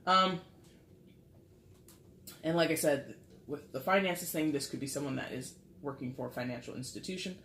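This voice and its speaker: A woman's voice: sits low, moderate pace, long pauses, a bit bright, slight background noise. A woman giving a casual tarot reading to camera, talking in a rambling, chatty way with lots of filler words. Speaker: tarot reader. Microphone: camera mic. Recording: roomy echo.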